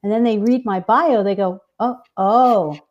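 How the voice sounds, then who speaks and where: Woman, New York accent, mellow voice, guest author, earnest, spiritual, casual interview. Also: mid-range voice, brisk, muffled recording. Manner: earnest, spiritual, gushing with praise.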